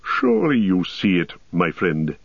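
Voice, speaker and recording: A man's voice: low-pitched, huge pitch swings, a little slow, vocal fry, breathy edge, no echo, exaggerated voice. A man voicing a proud, volatile tall warrior who speaks in an impassioned, declamatory way. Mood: persuasive. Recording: dull, dry audiobook recording.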